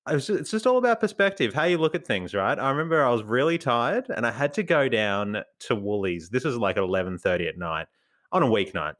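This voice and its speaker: A man with an Australian accent telling stories in casual podcast talk, his pitch bouncing up and down. He laughs often and acts out the voices of people he met. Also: sing-song, brisk, fairly bright tone. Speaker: podcast co-host. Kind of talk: casual chat.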